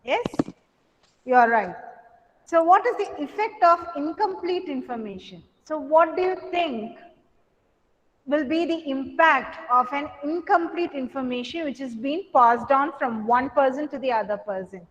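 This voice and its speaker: A woman's voice: sits high, animated, unhurried. A woman lecturing a class on communication skills, asking questions, repeating points and using many fillers. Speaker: college lecturer. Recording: dull lo-fi sound with long hall reverb.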